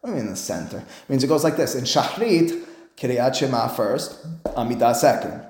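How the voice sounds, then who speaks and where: Male rabbi, Talmud lecturer, medium pitch, echoey room, animated delivery. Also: moderate pace, a little hiss or hum. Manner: animated, plays both sides of a dialogue, peppered with Hebrew terms. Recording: roomy echo.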